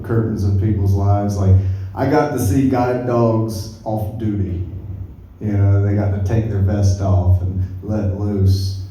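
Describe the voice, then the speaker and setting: A young man doing a stand-up comedy set, telling stories in a laid-back, deadpan way. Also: fairly low pitch. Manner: laid-back, deadpan storytelling with crowd laughter. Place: comedy club stage. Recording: roomy club sound from far off. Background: audience laughter.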